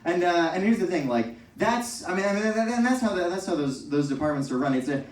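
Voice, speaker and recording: A man's voice: sits high, animated, a little fast. A young man performing a stand-up set, telling stories animatedly with exaggerated impressions of his professors. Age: young adult. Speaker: stand-up comedian. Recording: echoey room, from far off.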